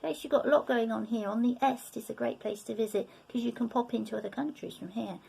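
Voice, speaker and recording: With a fairly high, creaky, husky voice and a warm tone, this middle-aged woman teaches French to beginners. Seated at a table in a room, she goes patiently and repetitively, saying words slowly and frequently asking "okay?".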